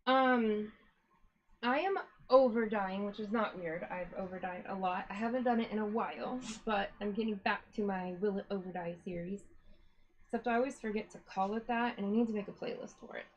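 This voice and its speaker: A woman hosts a yarn-dyeing live stream, chatting casually, greeting viewers one at a time and sounding a little out of breath. Her mid-range voice is brisk, the highs are cut off, and a dog whines now and then in the background.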